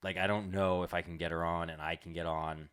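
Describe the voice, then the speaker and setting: A young man with a deep voice and a bright, pushing edge tells a story on a comedy podcast. He rambles and swears, stacking up filler words as he goes. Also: flat delivery, brisk, clear, resonant tone. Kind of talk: casual storytelling chat.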